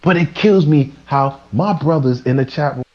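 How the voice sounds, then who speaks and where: A man's voice: on the high side, normal speed, muffled recording. A man streaming live, ranting preachily to his chat, stumbling and restarting as he presses his points. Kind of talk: casual rant to a live chat.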